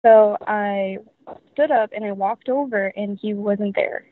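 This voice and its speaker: A woman's voice: medium pitch, unhurried. A young woman telling her story as a guest, rambling with many fillers. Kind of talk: casual storytelling. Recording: tinny dry phone line.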